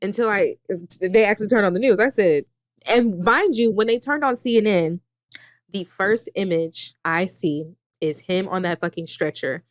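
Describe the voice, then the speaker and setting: A woman in her thirties, a podcast co-host telling a story in casual chat, dramatic and quick to laugh and swear. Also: mid-range voice, no echo. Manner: animated, dramatic, swears freely, laughs often.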